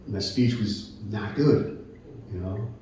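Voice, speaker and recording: A man's voice: fairly low pitch, slow pace, dark tone. Earnest man telling his testimony, echoey room. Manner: earnest and emotional, rambling with many restarts and "I'm like". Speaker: channel host giving his Christian testimony. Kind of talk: personal testimony, casual storytelling. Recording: very echoey room, voice picked up from a distance.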